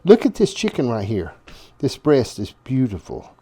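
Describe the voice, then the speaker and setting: Folksy, animated man hosting a cooking vlog. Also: medium pitch, normal speed, breathy edge. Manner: folksy, rambling, chuckling asides. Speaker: home cooking show host.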